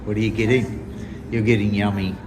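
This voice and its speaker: A man's voice: lowish voice, little pitch movement, fairly quick, over loud music, rough recording. A man with an Australian accent chatting casually to camera in a vlog, blunt and slangy, swearing freely. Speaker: vlogger.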